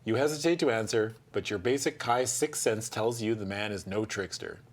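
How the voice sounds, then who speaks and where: A man reading a gamebook aloud in a tabletop stream, with a profane, joking, animated manner between passages. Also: on the low side, moderate pace.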